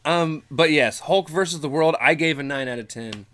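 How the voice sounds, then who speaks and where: A man hosting a podcast in casual chat, retelling episodes in detail with relaxed fillers. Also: a little high, normal speed. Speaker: podcast host.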